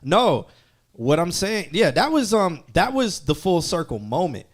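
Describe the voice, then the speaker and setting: A man with a mixed New York and Southern accent, co-hosting a casual livestream chat about music production, animated and swearing casually. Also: sits high, unhurried. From Florida. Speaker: co-host.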